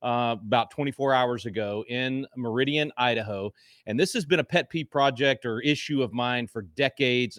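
A man's voice: medium pitch, a bit bright, no room sound. Fervent, angry middle-aged man, dry sound. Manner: angry, fervent, with frequent restarts. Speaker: guest. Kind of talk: impassioned talk show commentary.

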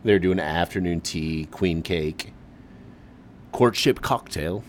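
A man from the Midwest with a very low voice, talking casually on his own as a podcast host. He is laid-back but keeps getting excited, peppering his talk with "man" and a little swearing. A faint hiss of noise sits under the recording. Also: slow pace. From American Midwest. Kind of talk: casual solo commentary.

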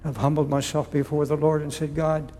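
An older man preaching a sermon, pleading slowly and repeating words as he appeals to listeners. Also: a little high, flat delivery, warm tone, in a large hall, soft background music.

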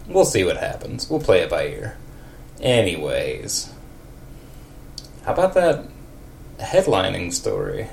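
Give me a low-voiced man hosting a podcast, reading in a slow, deadpan way. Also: vocal fry, slight background noise. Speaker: podcast host. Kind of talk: reading a story aloud, then casual chat.

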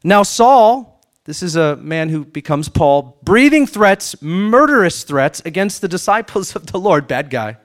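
A man preaching a sermon as pastor, animated, acting out questions and answers, swinging between loud emphatic peaks and quiet asides. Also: high voice, measured pace.

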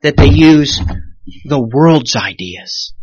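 A pastor delivering a sermon, his voice leaping high and loud on a point and then sinking to a low near-whisper. He brings the congregation's voices to life as he quotes them. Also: takes it slowly, husky, no echo, lo-fi sound. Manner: animated preaching with sudden rises and hushed drops.

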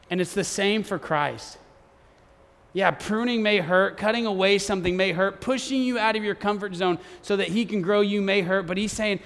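A man's voice: fairly high pitch, fairly quick, vocal fry, fairly bright tone, long reverb tail. A man preaching a sermon as pastor, earnest and often repeating words as he builds his points.

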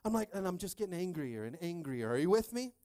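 Man, pastor, lively storytelling sermon, slightly high voice, dry close sound. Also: fast, no echo. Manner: animated, swings from hushed to loud, keeps asking the crowd "are you with me".

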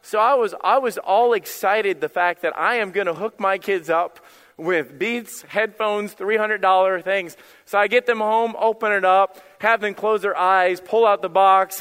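Male pastor, lively sermon storyteller, voice on the high side, long hall echo. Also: normal speed. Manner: animated storytelling with quoted dialogue.

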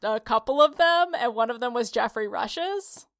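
A woman's voice: fairly high pitch, expressive, normal speed, fairly bright tone, no echo, studio quality. A woman from upstate New York co-hosting a podcast, telling rambling stories with lots of laughs. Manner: giggly, rambling storyteller. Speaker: podcast co-host. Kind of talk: casual chat.

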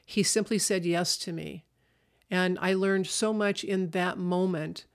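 A middle-aged minister talks through a reflective spiritual podcast at an unhurried, gentle pace. The voice sits at a middling pitch, neither high nor low. The delivery is measured and calm, with questions put to the listener and answered. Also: clear, resonant tone.

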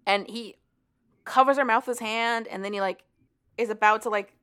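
Here a female podcast co-host chats casually through a book's storyline, wandering off track and cursing often. Her fairly high voice is steady, clear and resonant with a slight brightness, delivered at normal speed.

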